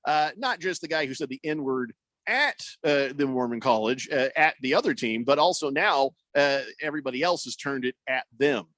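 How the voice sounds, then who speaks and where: A man's voice: mid-range voice, expressive, normal speed, fairly bright tone, no room sound. A man hosting a sports talk radio show, rambling and joking with many fillers on a studio microphone.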